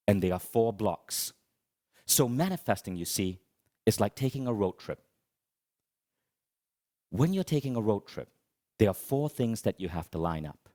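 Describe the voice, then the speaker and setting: Animated middle-aged man telling a story. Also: lowish voice. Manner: animated, dramatic, self-mocking storytelling. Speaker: motivational speaker. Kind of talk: comic storytelling keynote talk.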